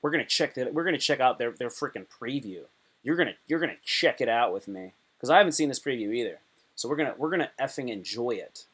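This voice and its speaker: A man hosting a casual live stream, excitable and rambling, often breaking off mid-thought. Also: mid-range voice, fast, slightly rough.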